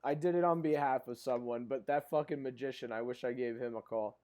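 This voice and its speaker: A young man co-hosting a podcast from a video call, his pitch sitting right in the middle for a man. He rambles through stories in loose casual chat, swears freely and leans on fillers. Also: fairly quick, warm tone. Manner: profane, rambling storyteller. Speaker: podcast co-host.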